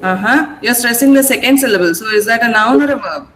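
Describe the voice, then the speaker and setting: A woman teaching an online English vocabulary class, repeating words slowly and asking her pupils how to pronounce them. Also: fairly high pitch, a bit bright, slight background noise, low-quality recording.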